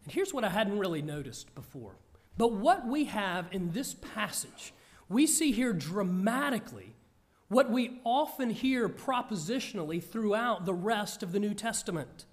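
A man reading scripture aloud and then preaching on it, slow and earnest. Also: high-pitched, very animated. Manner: slow, measured, earnest delivery.

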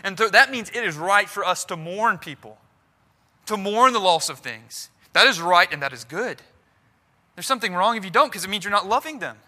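A man's voice: sits high, expressive, moderate pace, pushed and bright. A man preaching a sermon to his church in an earnest, conversational way, often restarting his phrases. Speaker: pastor.

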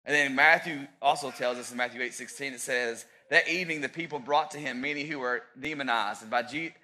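Bright-voiced man preaching a sermon. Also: medium pitch, brisk. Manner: preaching with sudden loud peaks, joking asides. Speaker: pastor.

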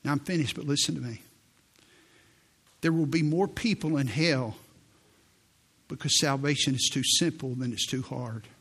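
In a church sanctuary, a pastor in his sixties delivers a sermon, telling stories earnestly and slowing down whenever he quotes a prayer. His voice sits at medium pitch, a bit bright with a slight roughness.

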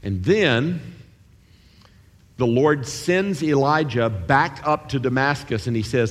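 A man's voice: mid-range voice, slow pace. Guy preaching in a church, acts out the characters, big echoey hall, mid voice. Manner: animated, acts out voices of biblical figures. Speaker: pastor. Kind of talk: sermon. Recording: long hall reverb.

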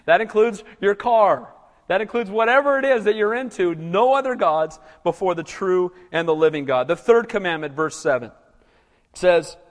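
A male pastor preaching a sermon in a lively, conversational way, often calling out "Amen?" to the congregation. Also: high voice, big-room sound. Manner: animated, conversational preaching with frequent "Amen?" calls.

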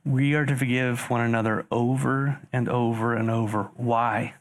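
A man preaching a sermon, reading scripture verses aloud and explaining them, addressing the congregation directly with animated rises for emphasis and rhetorical questions. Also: medium pitch, moderate pace. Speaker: pastor.

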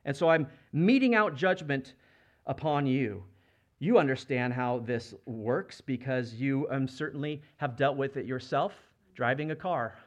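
A man's voice: medium pitch, unhurried. A man preaching a sermon as a pastor, speaking conversationally and asking the congregation rhetorical questions. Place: church.

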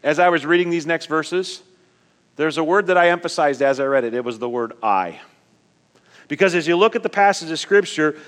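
A man preaching a sermon as pastor, swinging from emphatic loud points to quiet, low asides. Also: in a large hall.

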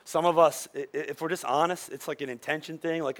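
Pastor guy preaching, pretty high voice, animated storyteller, lots of restarts. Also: a little fast. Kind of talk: sermon.

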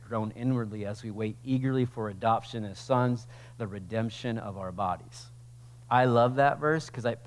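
Man preaching with rising passion. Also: medium pitch. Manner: conversational preaching that swells into loud, slow emphatic passages. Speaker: pastor. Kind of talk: sermon. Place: church sanctuary.

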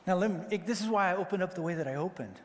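A man delivers a sermon in a high, bright register, and his words trail off into a long hall reverb. He is from Wyoming, jokes with the congregation and jumps into animated impressions of the people he quotes. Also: rapid-fire, slight background noise. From Wyoming, United States. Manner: animated, joking, acts out quoted voices. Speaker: pastor.

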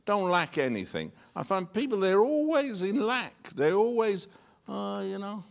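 A man's voice: high voice, sing-song, unhurried, gravelly. A male pastor preaching a sermon, reading scripture and joking with a chuckle between verses.

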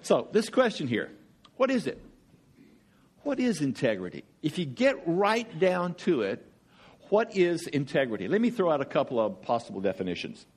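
Animated Southern preacher man. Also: on the high side, normal speed, husky. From Georgia, US. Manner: chatty, animated, joking storyteller. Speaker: guest preacher. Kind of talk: sermon with jokes.

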